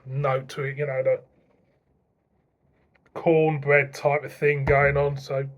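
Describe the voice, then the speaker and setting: A man's voice: medium pitch, flat delivery, slow, highs cut off, a little hiss or hum. A middle-aged man from England reviewing beer in a chatty, rambling vlog, often chuckling to himself.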